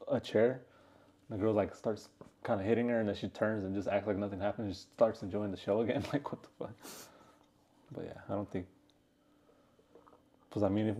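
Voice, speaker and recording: A man's voice: on the low side, mellow, highs cut off. A man co-hosting a podcast, chatting casually in a laid-back, rambling way and swearing freely. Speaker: podcast co-host. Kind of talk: casual chat.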